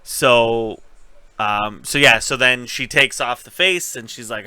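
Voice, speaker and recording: A man hosting a casual podcast recap, chatty, cursing freely and paraphrasing scenes in quick retellings. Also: medium pitch, bright, forceful tone, clear, resonant tone, no room sound. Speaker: podcast host.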